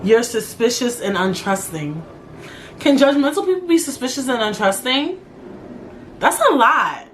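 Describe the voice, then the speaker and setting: A woman's voice: a little high, measured pace, slight background noise. Blunt, profane young woman podcaster. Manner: blunt, profane, animated, drawling slang. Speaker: podcast host. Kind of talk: casual solo podcast monologue.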